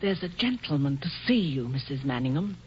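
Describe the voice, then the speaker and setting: A woman's voice: extremely low pitch, big pitch swings, brisk. A woman playing a polite, deferential housemaid in a 1940s radio drama. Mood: firm. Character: Victorian housemaid, deferential and quiet. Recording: dull old radio broadcast with faint noise.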